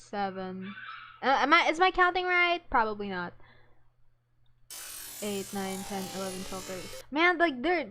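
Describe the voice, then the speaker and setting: A woman giving casual reaction commentary as a fan, excitable and rambling, often restarting her words. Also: medium pitch, slight background noise.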